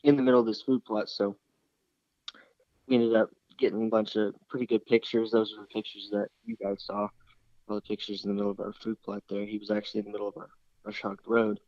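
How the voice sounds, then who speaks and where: A young man with a fairly low voice tells a story in a relaxed, rambling way, circling back and restarting his sentences as he goes. The recording sounds slightly dull and very dry, with no room sound around him. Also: fast, no room sound. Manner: rambling, full of restarts and fillers. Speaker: interview guest, hunter. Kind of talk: casual storytelling.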